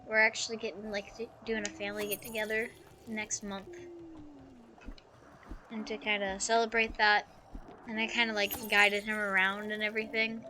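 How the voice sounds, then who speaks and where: A woman streaming a video game live, chatting casually in a soft, emotional way with many fillers. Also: fairly high pitch, fairly even intonation, normal speed, soft background music. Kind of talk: casual live gameplay commentary.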